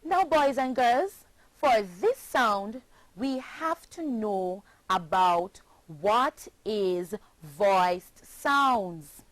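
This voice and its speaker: A woman teacher with a Jamaican accent giving a children's phonics lesson, slow and emphatic, spelling words out letter by letter. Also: mid-range voice, expressive, no echo, low-quality recording.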